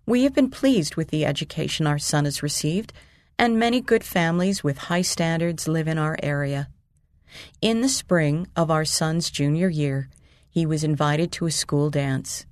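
A woman from the USA, a mother, reading her own story aloud in an earnest, steady narration. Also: low voice, normal speed, dry recording, clean studio sound. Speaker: mother telling a personal story. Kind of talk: scripted narration.

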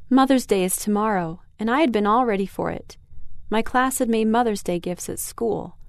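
A woman's voice: mid-range voice, normal speed, no echo, clean studio sound. A woman reading a children's story aloud expressively in the first person, as a young girl. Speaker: narrator.

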